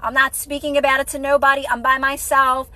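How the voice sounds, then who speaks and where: A woman's voice: high voice, flat delivery, fairly quick, bright, forceful tone, no room sound, rough recording. A woman hosting a casual motivational livestream, repeating herself encouragingly and greeting viewers by name. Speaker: livestream host.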